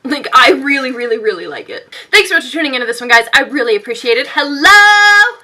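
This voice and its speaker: A young woman talks her way through a makeup look, rambling from one thought to the next and poking fun at herself. Her voice sits a little high and sounds bright and forward, and she keeps chatting casually to her viewers as she works. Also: lively intonation, fast talker. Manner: rambling, bubbly, self-mocking. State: sweaty and out of breath. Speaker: beauty vlogger.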